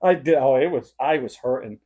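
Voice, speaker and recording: A man's voice: mid-range voice, fairly quick. A man co-hosting a casual podcast chat, telling rowdy stories with laughs. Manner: animated, laughing storyteller. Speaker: podcast co-host.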